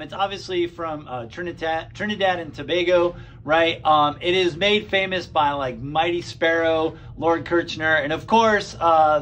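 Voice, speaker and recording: A man's voice: on the high side, slight background noise. A man giving a casual drum lesson, counting beats aloud and sounding out rhythms. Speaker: drum teacher. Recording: loud drum kit playing behind. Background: drum kit.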